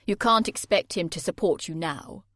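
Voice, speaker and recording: A woman voicing a blunt, ruthless young man who speaks flatly and curtly. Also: high voice, normal speed, dry recording, studio quality, pitched below the performer's own voice. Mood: cold. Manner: flat, curt, matter-of-fact.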